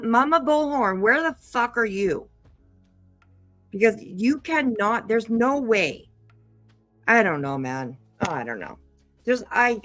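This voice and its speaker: A woman's voice: mid-range voice, a bit bright. A woman hosting a livestream, reacting to clips in casual commentary, blunt and profane and laughing often. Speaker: livestream host.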